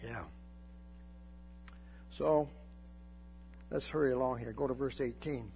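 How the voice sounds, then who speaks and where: An older man preaching a folksy, animated sermon, joking and acting out Bible scenes. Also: medium pitch, slow pace, a little hiss or hum.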